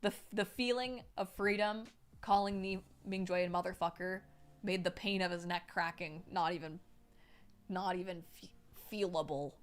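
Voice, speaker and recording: A young woman streaming herself reading a novel aloud, breaking off to react excitedly, swear freely and thank donors. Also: fairly low pitch, normal speed.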